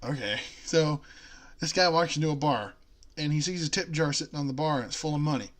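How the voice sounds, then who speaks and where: A man's voice: fairly high pitch, brisk. A young man chatting casually with a friend, laughing often and telling long jokes in which he voices the characters. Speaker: co-host.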